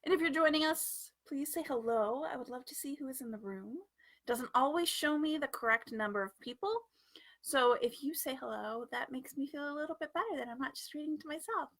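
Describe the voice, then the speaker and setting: High, bright-voiced giggly woman host. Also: brisk. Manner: chatty, giggly, playful asides. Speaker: storytime host. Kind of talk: casual livestream chat.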